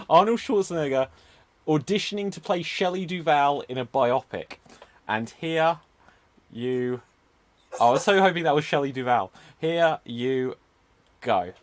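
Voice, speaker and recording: A man hosting an online improv comedy show, upbeat, calling on judges and reading votes. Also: fairly high pitch. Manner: upbeat, addresses audience and judges.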